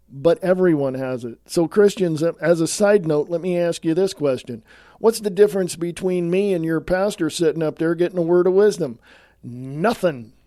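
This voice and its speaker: A man's voice: high voice, dark tone, no room sound, clean studio sound. A man hosting his own podcast, talking bluntly in a scolding, sarcastic monologue. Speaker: podcast host.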